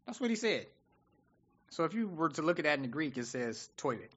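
Male preacher, fairly high, bright voice, lively chatty sermon delivery. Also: a little fast, dull audio. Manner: animated, conversational, acts out voices of people.

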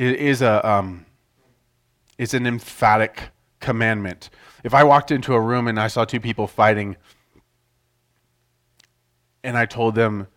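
Conversational male preacher, medium pitch. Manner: conversational, restarts often, acts out quotes loudly. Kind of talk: casual sermon.

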